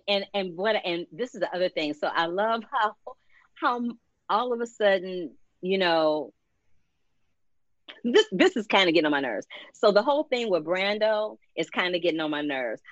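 A woman's voice: fairly low pitch, dry recording. A woman co-hosting a soap recap show, sassy and blunt in casual chat. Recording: dull dry lo-fi mic.

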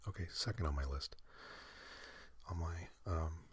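A man hosting a sleep podcast, talking in a soft breathy whisper, slow and meandering with many fillers. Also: deep voice. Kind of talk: rambling whispered sleep talk.

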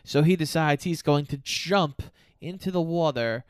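A man's voice: a little high, a little slow, smooth, no room sound, studio quality. A man co-hosting a podcast, recapping a movie in an easygoing, joking way. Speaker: podcast co-host. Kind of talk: casual movie recap chat.

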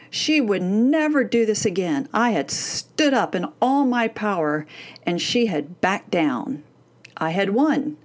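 A middle-aged woman presenting a parenting course and telling a personal story in a scripted, animated way, leaning hard on key words. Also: medium pitch.

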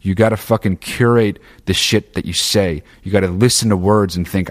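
A man with a notably low, deep voice delivers a loose, profane monologue straight to his listeners. He rambles and restarts his sentences, swearing freely as he pushes his opinions. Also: moderate pace, hardly any pauses. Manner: frequent fillers and restarts. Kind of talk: casual monologue.

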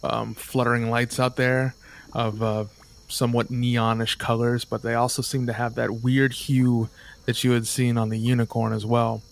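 A man's voice: medium pitch, little pitch movement, normal speed, creaky. A man running a tabletop game as game master, describing scenes in a hesitant way with many fillers.

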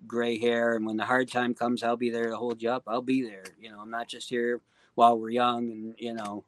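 A man guesting on a casual podcast interview, talking earnestly and warmly, with lots of "you know" and "um". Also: mid-range voice, level tone, brisk. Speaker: guest singer-songwriter.

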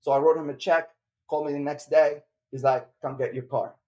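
A man from Lebanon spins a long anecdote in an animated storytelling style. His voice sits a little high, and he slips into quoted voices and drops "bro" again and again. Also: brisk. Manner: acts out quoted voices, says bro often. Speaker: guest entrepreneur.

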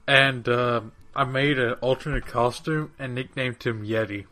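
Bright-voiced casual podcast host man. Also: mid-range voice, fairly even intonation, measured pace. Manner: loose, swears casually. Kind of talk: casual chat.

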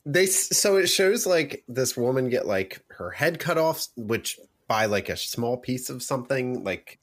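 A man's voice: medium pitch, lively intonation, measured pace. A man co-hosting a podcast, describing a movie scene in a laid-back, hesitant way. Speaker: podcast co-host. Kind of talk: casual movie chat.

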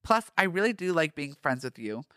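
A man reading the lines of a young male actor from his own fan fiction, gently exasperated. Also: on the high side, sing-song, a little fast, no room sound, studio quality.

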